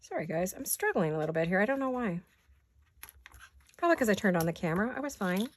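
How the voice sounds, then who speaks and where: A woman craft vlogger in her home studio, her voice raspy from allergies, chatting casually and self-deprecatingly to viewers while she works. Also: mid-range voice, big pitch swings, fast talker, a little hiss or hum.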